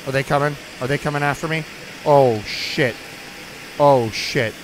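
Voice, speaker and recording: A man's voice: medium pitch, unhurried, noisy background. A young man hosting a gaming video, giving jumpy, swearing let's play commentary while talking to himself and his viewers. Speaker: gaming channel host.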